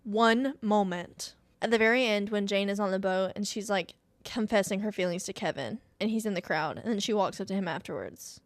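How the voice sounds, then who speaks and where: Bubbly girl gushing about a rom-com, higher voice, dry close mic. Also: animated, a little fast, fairly bright tone, dry recording. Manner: gushing, many fillers, bursts of squealing. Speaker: podcast host. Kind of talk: excited movie review chat.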